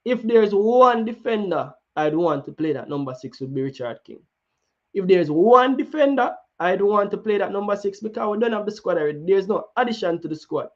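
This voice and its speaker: Animated and a little fast, this man's high-pitched voice comes through a muffled recording. He hosts a football talk show with a Jamaican accent, talking casually, switching into patois, and often restarting his lines.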